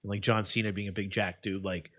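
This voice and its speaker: Low-voiced man chatting casually on a podcast. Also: little pitch movement, fast, fairly bright tone. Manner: agreeable, rambling, many fillers. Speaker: podcast co-host. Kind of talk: casual chat.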